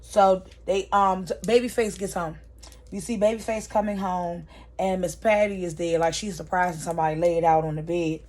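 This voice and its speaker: A woman's voice: fairly low pitch, steady tone, moderate pace, darkish tone. A woman casually recapping a TV episode, retelling scenes by quoting the characters and talking straight to her viewers.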